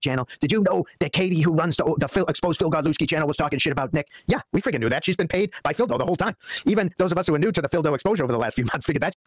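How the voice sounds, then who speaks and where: Man putting on a fast, brash Southern podcaster. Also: fairly high pitch, lively intonation, dry recording. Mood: ranting. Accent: put-on Southern US. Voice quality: crude, boisterous, rambling. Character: brash loudmouth male podcaster character. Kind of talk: ranting podcast monologue.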